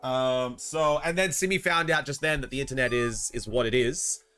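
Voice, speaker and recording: A man's voice: mid-range voice, normal speed, fairly bright tone. A young Australian man with an Australian accent, chatting casually on a livestream, rambling and reading out chat messages. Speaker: streamer.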